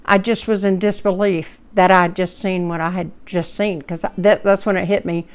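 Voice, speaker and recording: Woman in her 50s, folksy vlogger with a smooth, clear tone. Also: fairly low pitch, level tone, normal speed. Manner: heartfelt, rambling, folksy. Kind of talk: personal storytelling to camera.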